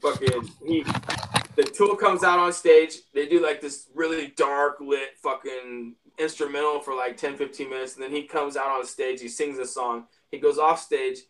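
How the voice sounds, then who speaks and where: A man's voice: medium pitch, normal speed. Profane, rambling man telling stories. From Spokane, Washington area. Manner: rambling, profane, animated retelling. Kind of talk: casual storytelling chat.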